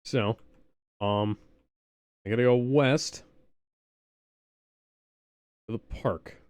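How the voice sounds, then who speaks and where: A man's voice: mid-range voice, drawn-out words, darkish tone, clear, resonant tone, dry recording. A man streaming an old adventure game, reading its narration aloud and adding wry, laid-back comments into a close microphone at home. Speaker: let's play streamer.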